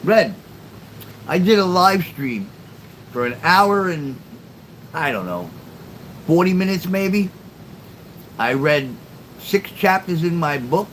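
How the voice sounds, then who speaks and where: Speaking slowly with many pauses, a middle-aged man with a voice on the high side chats on a late-night livestream. He talks back to viewers by name, profane, sarcastic and rambling, on a low-quality recording with continuous background noise.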